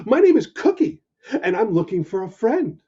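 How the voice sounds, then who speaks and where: Brief: a man playing a small hopeful puppy looking for a friend, higher and eager, lo-fi recording. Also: very animated, normal speed, slightly rough, full character voice. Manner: eager, bright, polite greetings. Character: lost, hopeful puppy, young, polite.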